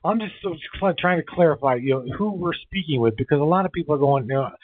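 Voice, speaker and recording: A man's voice: a little high, animated, fast, dry recording. A man hosting a casual interview, stopping often to clarify things and restarting his phrases. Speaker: podcast host. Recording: phone-like call audio.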